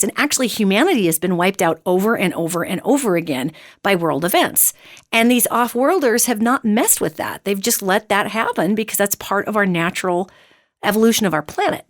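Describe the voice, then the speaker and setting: A woman hosting a radio show, giving an emphatic, animated monologue into a close studio mic. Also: medium pitch, fairly quick, dry recording. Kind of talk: monologue on metaphysics.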